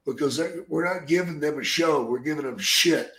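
An older man telling profane stories in casual chat, with a gruff manner and loud acted-out quotes. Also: a little high, normal speed. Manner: gruff, swears constantly, acts out quotes loudly. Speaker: podcast guest, storyteller. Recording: echoey room.

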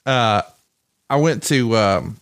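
A man hosts a casual podcast, chatty and easygoing, often breaking into laughter as he tells a story. His voice sits at a plain, middle pitch. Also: expressive, takes it slowly, smooth. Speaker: podcast host.

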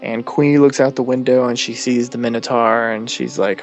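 A man's voice: mid-range voice, level tone, normal speed, vocal fry, few pauses, dull audio, soft background music. A man co-hosting a podcast, chatting casually as he recaps a TV episode in a meandering way and quotes the characters' lines.

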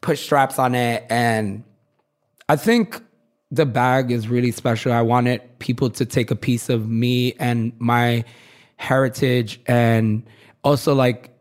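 A man talking freely as an interview guest, his voice sitting at an ordinary middle pitch. He fills his stories with "like" and slips into other people's voices when he quotes them. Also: steady tone, slow, smooth. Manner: chatty, leans on "like", acts out quoted voices. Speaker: fashion designer, guest. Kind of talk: casual interview chat.

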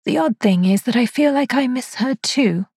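A woman narrating as an aging, haunted spinster, telling her story in a quiet, hushed first-person voice. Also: a little high, expressive, moderate pace, slightly rough, no room sound, studio quality. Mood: uneasy.

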